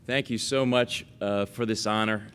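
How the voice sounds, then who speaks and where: A man giving a relaxed, story-filled award acceptance speech, self-deprecating, full of fillers, and acting out family quotes. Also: lowish voice, moderate pace, over loud music. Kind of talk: casual anecdotal acceptance speech.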